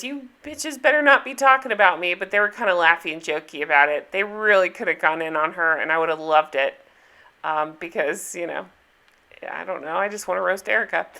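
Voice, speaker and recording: A middle-aged woman chats through her reality TV recap in a bright, forceful voice at an ordinary pitch. She talks like she is gossiping with friends, laying on the sarcasm and breaking into laughs. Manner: chatty and sarcastic, with frequent laughs. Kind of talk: casual chat.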